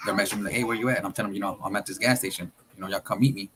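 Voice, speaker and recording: A man's voice: lowish voice, steady tone, very fast, background noise. A man telling a story casually, in loose, streetwise talk that swears and acts out what people said.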